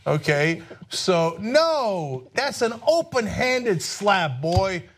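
Brief: male political host, fired-up and sarcastic, slightly high voice. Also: very animated, extremely slow. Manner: combative and sarcastic, mocking voices. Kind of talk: heated political commentary.

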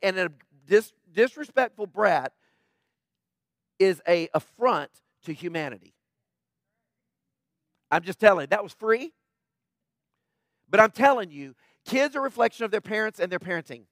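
A man's voice: sits high, animated, normal speed, pauses often, a bit bright, no room sound, studio quality. A man preaching a conversational sermon, emphatic and plainspoken, often checking in with the listeners. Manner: emphatic, tags points with "right?". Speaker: pastor.

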